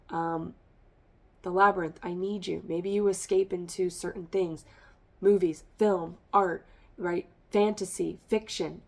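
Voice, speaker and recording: Her voice is low, a little mellow, and marked by vocal fry as she delivers a rambling, emphatic tarot reading. This woman addresses her listeners directly in a spiritual monologue and sounds a little congested.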